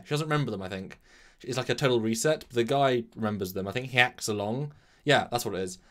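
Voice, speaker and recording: Man, casual co-host chat, rambling recap, animated, lowish pitch. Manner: rambling, animated, acts out quotes with jumps in pitch. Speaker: podcast co-host recapping an episode from memory.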